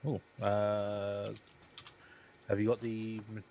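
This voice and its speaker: A low-voiced man plays along in a roleplay, ordering politely and teasing the others dryly. Faint noise hangs behind his voice. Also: monotone, slow, a little mellow. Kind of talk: casual in-character roleplay chat.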